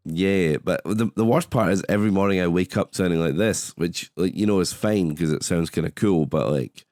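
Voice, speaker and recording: A young man hosting a casual podcast chat, his voice gravelly and husky from a cold, laid-back and swearing casually. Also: low-pitched, normal speed, a little mellow, no room sound, clean studio sound. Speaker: podcast host.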